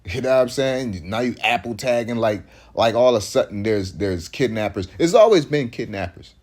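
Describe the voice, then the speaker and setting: A man's voice: medium pitch, animated, moderate pace, darkish tone. A man, preaching in loose street talk that rambles, restarts often and hits points with emphasis.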